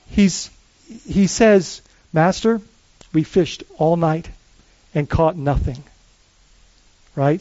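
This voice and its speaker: A man who is a lead pastor, preaching a sermon in a conversational, animated way, often restarting his phrases. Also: high-pitched, no room sound, dull audio.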